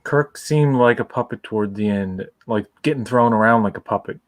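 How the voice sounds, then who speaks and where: A man's voice: fairly low pitch, normal speed, no echo. A man in a casual fan commentary podcast, asking questions and sharing his opinions. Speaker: podcast co-host.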